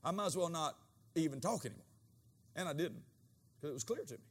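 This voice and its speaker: Man, pastor, sermon, high voice, animated preaching, loud bursts and soft asides, acts out dialogue. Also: quick pace.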